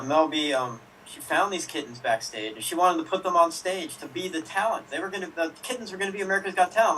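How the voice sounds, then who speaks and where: A man's voice: fairly high pitch, bright, forceful tone. A man improvising a gossip story in a chatty, self-mocking way, with profane asides. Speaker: improv performer. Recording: distant mic with faint noise, online stream.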